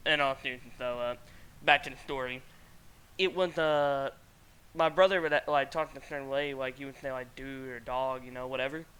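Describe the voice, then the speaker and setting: A man's voice: medium pitch, bright, forceful tone, clear, resonant tone. A man hosting a casual streamed podcast, telling a rambling story with frequent laughter. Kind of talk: casual chat.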